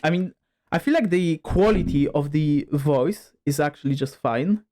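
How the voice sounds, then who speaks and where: A man's voice: fairly high pitch, normal speed, a little mellow. A man talking casually on a home stream, rambling with plenty of fillers. His distance from the desk microphone keeps changing, so his voice moves between close and slightly distant. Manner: rambling, filler-heavy, moves toward and away from the mic. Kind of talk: casual stream chat testing a mic. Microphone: desk microphone, distance shifting.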